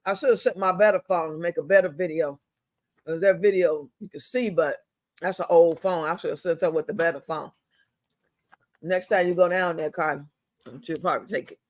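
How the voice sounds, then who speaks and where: An older man vents angrily on a home live stream, his fairly high voice steady and at normal speed, recorded with studio quality and no room sound. Fuming and profane, he repeats himself and drawls some words out.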